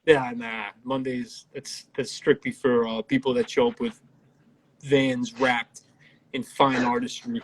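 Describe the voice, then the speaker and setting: A man's voice: medium pitch, level tone, unhurried. A man, a rapper and producer, chatting loosely on a live interview, laid-back and swearing freely. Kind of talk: casual livestream chat. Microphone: livestream.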